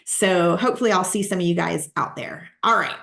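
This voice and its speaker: Low gravelly woman coaching online. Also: fairly quick, a bit bright. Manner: practical, repeats key points for emphasis. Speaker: real estate coach. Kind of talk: live online coaching session.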